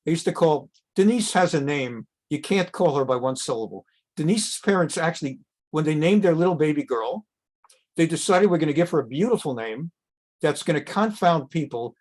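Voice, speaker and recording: Animated rabbi teaching a text class. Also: male voice, moderate pace. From America. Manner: reads Hebrew text and translates it with asides; animated, jumps up in pitch when acting out quotes. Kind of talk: conversational Torah class.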